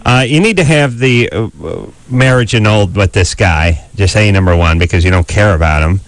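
A man co-hosting a call-in radio show, brash and mocking, with bursts of shouted impressions. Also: on the low side, fairly quick, no echo.

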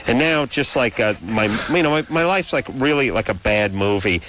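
A man's voice: medium pitch, lively intonation, moderate pace, fairly bright tone. A male radio talk show host telling rambling, exasperated comic stories in a casual way, acting out both sides of exchanges.

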